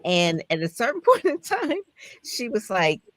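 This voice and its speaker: Animated woman host, dry sound. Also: measured pace, no room sound. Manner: animated, jumps high in pitch when telling a story. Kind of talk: casual interview chat.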